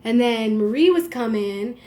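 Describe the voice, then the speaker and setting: A woman's voice: a little high, expressive, unhurried, dark tone, a little hiss or hum. A woman in her thirties hosting a live stream, casual and rambling, with lots of "like". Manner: chatty, rambling, frequent "like". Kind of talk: casual chat.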